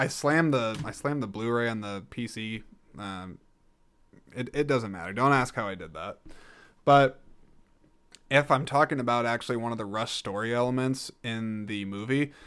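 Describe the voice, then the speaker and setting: A young man hosts a casual solo film review podcast, rambling about a movie, cracking jokes, and often correcting himself. His voice is mid-range, smooth, and a bit bright.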